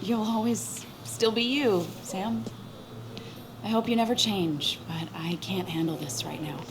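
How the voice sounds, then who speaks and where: A woman's voice: medium pitch, a little slow, noisy background, lightly acted. A woman voicing a grieving young woman in a video game, weary and emotional. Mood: upset. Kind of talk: game voice acting.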